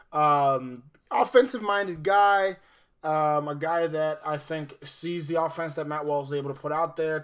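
A man hosting a casual sports chat, quizzing his co-hosts in an animated, joking way. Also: a little high. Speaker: podcast host.

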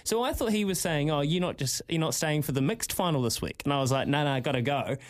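A man's voice: fairly high pitch, fast. A man telling a story on a breakfast radio show, acting out quotes with a jumping voice. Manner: animated storytelling, acts out quotes in a raised voice. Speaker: radio host. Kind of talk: casual breakfast radio banter.

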